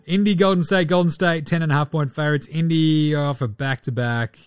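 A man's voice: on the high side, a little fast, clear, resonant tone, no room sound, studio quality, soft background music. A man hosting a sports podcast, running through betting picks in casual, profane, slang-heavy banter.

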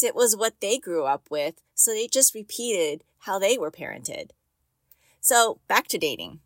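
A woman's voice: mid-range voice, fairly bright tone, no room sound. A middle-aged woman hosting a podcast for moms, talking in a chatty, encouraging way and laughing often. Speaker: podcast host and mom coach. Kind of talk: casual podcast monologue.

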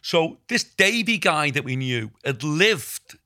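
A man's voice: a little high, big pitch swings, takes it slowly, pushed and bright. A middle-aged Scouse man in casual podcast chat, telling long, rambling stories full of asides. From Liverpool, England. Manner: rambling storyteller with many asides.

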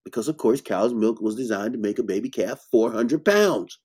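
Male herbalist host, blunt and preachy, mellow dark tone, emphatic bursts. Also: fairly low pitch, lively intonation, moderate pace, breathy edge. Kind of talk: casual health talk.

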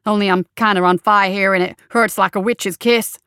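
A woman's voice: medium pitch, steady tone, normal speed, sharp tone, clear, resonant tone, no room sound, studio quality. A woman voicing a scrappy, loyal male sidekick who talks in folksy slang, read for an audiobook. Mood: loyal, rough.

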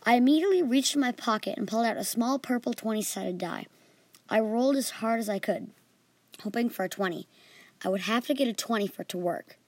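A woman's voice: mid-range voice, a little fast, darkish tone, no room sound. A female podcast host reading her own fantasy adventure story in an earnest way, with small slips.

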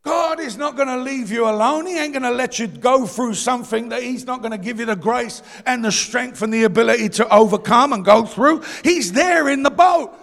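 London man preaching, very high gravelly voice, bursts into shouts then drops low, long hall echo. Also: a little fast, hardly any pauses. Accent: London English. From East London, England. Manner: impassioned, swings from shouting to low confiding talk; down-to-earth street slang. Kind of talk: sermon. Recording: long reverb of a large hall.

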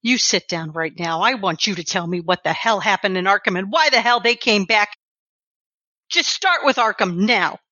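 A woman acts out an injured male federal agent, furious and threatening as he demands answers. The voice is bright and forceful, swelling high as the anger builds. The recording is dry and slightly muffled. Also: expressive, moderate pace, no echo. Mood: angry. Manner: barking, threatening.

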